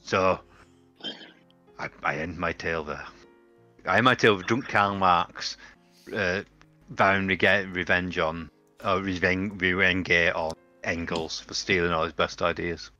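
A man's voice: low-pitched, fairly even intonation, unhurried, sharp tone, faint music behind. A man playing a tabletop game, finishing a story in a dry, understated way. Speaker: player.

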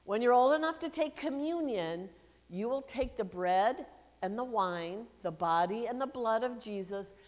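A woman pastor reading scripture and then giving a gentle children's sermon, playfully asking the children questions. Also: a little high, animated, measured pace. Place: church sanctuary. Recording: long church reverb.

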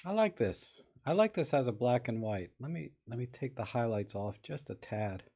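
A man talking his way through a live photo-editing stream in a loose, chatty manner. His voice sits at an everyday middle pitch as he thinks aloud and says hello to viewers between edits. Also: animated, normal speed, darkish tone, slightly rough. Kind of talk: casual live-stream commentary.

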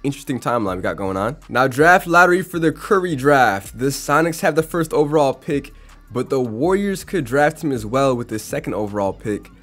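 A man's voice: mid-range voice, lively intonation, fairly quick, fairly bright tone, faint music behind. A young man casually commenting on a basketball video game simulation, chatty and reacting as results come in. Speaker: gaming YouTuber.

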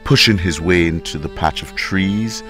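A man reading a story aloud as narrator, in a dramatic, expressive way. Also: low-pitched, moderate pace, over music.

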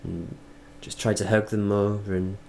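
A Welsh man speaking earnestly in a reflective video diary, halting and restarting as he thinks. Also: lowish voice, level tone, vocal fry, darkish tone, a little hiss or hum. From Wales. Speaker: vlogger.

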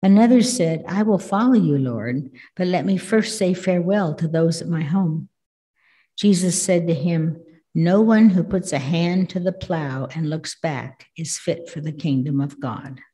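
A woman with a low, warm voice reads a scripture passage in a measured, formal cadence. Her words ring out into a large hall with a long reverb tail. She is reading aloud at a church service. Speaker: scripture reader.

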